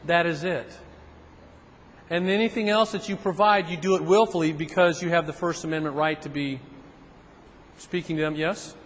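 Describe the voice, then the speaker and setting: A man giving a seminar talk, telling stories in an animated way and acting out other people's voices. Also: on the high side, moderate pace, pauses often, a little hiss or hum. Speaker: seminar speaker. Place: seminar room. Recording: reverberant hall with faint ambience.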